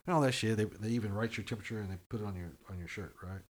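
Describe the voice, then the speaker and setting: A man in casual chat, telling profane stories with animated acted-out quotes. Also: lowish voice, very fast.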